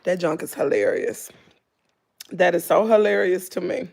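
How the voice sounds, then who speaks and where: A woman's voice: lowish voice, normal speed, gravelly, a little hiss or hum. A middle-aged woman with a Southern American accent, chatting casually on a livestream, telling stories animatedly and mimicking her daughter. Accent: Southern American English. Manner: animated storytelling, mimics her daughter, talks to viewers as "girl" and "y'all". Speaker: vlogger.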